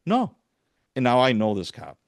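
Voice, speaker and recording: Low-voiced man telling a police story. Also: normal speed, dry recording, studio quality. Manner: animated storyteller, acts out quoted dialogue. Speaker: podcast host, retired police sergeant. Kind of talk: casual storytelling interview.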